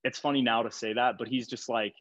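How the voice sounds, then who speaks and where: A man's voice: mid-range voice, steady tone, a little fast, fairly bright tone, dry recording, muffled recording. A young male strength coach talking casually in a podcast interview, rambling with lots of fillers and laughing easily.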